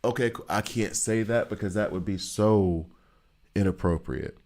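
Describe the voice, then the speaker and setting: A man's voice: fairly low pitch, normal speed, a little mellow. A man giving casual, rambling commentary while playing a video game, joking and repeating himself for emphasis. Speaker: gaming streamer.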